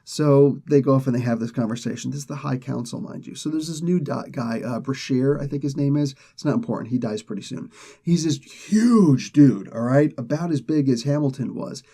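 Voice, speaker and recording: A man casually retelling a comic story in a loose, rambling way, slipping into quick acted lines for the characters. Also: medium pitch, vocal fry, dark tone, breathy edge. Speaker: comic book reviewer.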